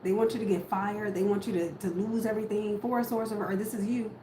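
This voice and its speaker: This tarot reader talks quickly in a steady, mid-range voice. Doing a casual reading, she muses out loud, speaks bluntly, and swears now and then. The recording picks up room echo and background noise.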